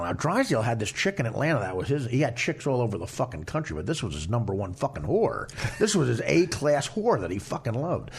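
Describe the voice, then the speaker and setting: A man with a gravelly, slightly husky voice spins a crude story in casual talk. His pitch swoops around as he tells it and he swears freely. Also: fast talker, few pauses. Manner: profane, animated, laughing as he tells it. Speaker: podcast host telling a story.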